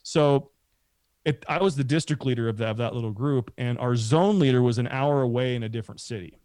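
This middle-aged man has a medium-pitched voice and a brisk delivery as he meanders through a lengthy story in a relaxed, lively way, imitating what others said. The recording has no echo.

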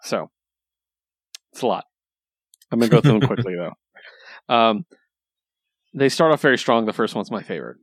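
A man's voice: on the low side, lively intonation, moderate pace, pauses often, no echo. A man hosting a casual talk, recapping stories with enthusiasm and plenty of ums and likes. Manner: enthusiastic, lots of fillers. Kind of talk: casual chat.

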